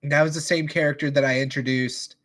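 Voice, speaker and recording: A man co-hosting a podcast in a relaxed, late-night way, trading dry jokes. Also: a little high, a little fast. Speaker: podcast co-host. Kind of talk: casual late-night chat.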